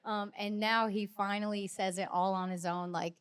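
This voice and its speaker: A woman's voice: mid-range voice, flat delivery, moderate pace, clear, resonant tone. A woman in her thirties co-hosting a podcast in casual chat, bubbly and laughing often as she acts out quotes. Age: 30s. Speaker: podcast co-host.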